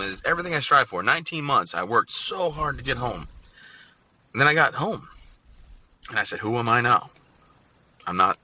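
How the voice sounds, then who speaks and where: A man's voice: lowish voice, bright, forceful tone, poor audio. A man in his thirties, a podcast guest telling his story candidly and acting out his own past words. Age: 30s.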